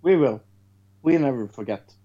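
A man from Norway arguing his side in a casual podcast chat, stumbling over his openings and then pressing his point hard. His pitch jumps around a lot. The sound is muffled and lo-fi. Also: lively intonation, moderate pace, dark tone. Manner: emphatic, stammers on starts, swears for emphasis.

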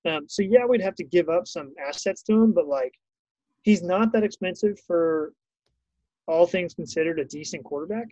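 A man's voice: sits high, normal speed, a little mellow, no echo. Podcast co-host, male, blunt and casual, dull dry remote audio. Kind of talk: casual sports podcast chat. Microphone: wireless earbuds, then switched mic.

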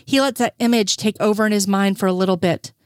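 A young woman reads a fan fiction story aloud with a loose, profane, conversational delivery. Her voice sits at an ordinary middle pitch. The recording is dry, with no room sound. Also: steady tone, fast talker, no room sound. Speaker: narrator. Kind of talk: scripted fan fiction reading.

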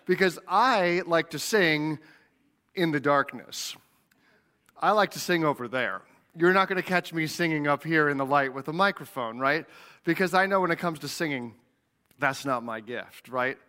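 A man's voice: a little high, moderate pace, bright, forceful tone. A man preaching a sermon as pastor, earnest, often repeating words as he goes.

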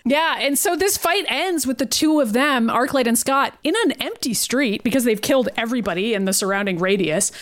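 A woman co-hosting a podcast in casual recap chat, wry and quick to laugh along. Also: on the high side, animated. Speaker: podcast co-host.

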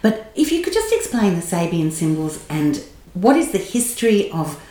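A woman hosting an interview, asking measured, admiring questions. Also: fairly low pitch, very animated, dark tone. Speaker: interviewer host. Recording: roomy echo.

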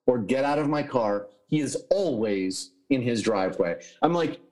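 Animated man hosting a casual chat. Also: medium pitch, normal speed, few pauses. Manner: lively, swearing, laughing often. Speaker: podcast host.

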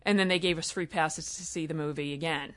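Chatty woman with a lowish voice. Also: fairly quick, dry recording. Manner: chatty, animated storyteller. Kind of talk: casual chat.

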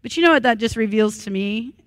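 A woman in her thirties delivers a sermon at a church worship service. Her voice sits a bit high, and the sound is dry with little room around it. She speaks earnestly and breaks into animated, humorous asides. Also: moderate pace, no echo. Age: 30s. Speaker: pastor.

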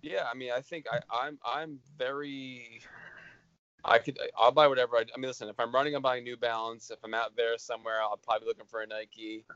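A man hosting a casual chat among old friends, teasing and quick with banter. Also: medium pitch, fairly even intonation, fairly bright tone, smooth, dry recording. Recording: dull lo-fi sound.

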